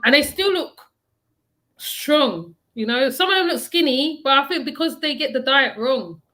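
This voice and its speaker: High-voiced chatty woman. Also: moderate pace. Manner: animated, laughs a lot, repeats herself. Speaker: host. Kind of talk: casual chat.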